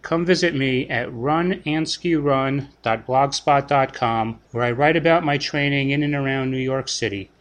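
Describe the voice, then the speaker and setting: A man's voice: medium pitch, moderate pace, hardly any pauses, a bit bright. A man as guest announcer, reading an upbeat, playfully boastful podcast intro.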